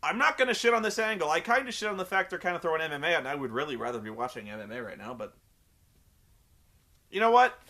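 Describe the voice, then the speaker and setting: Male reviewer, high voice, very lively, sarcastic, profane, rambling comedic recap. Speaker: wrestling show reviewer.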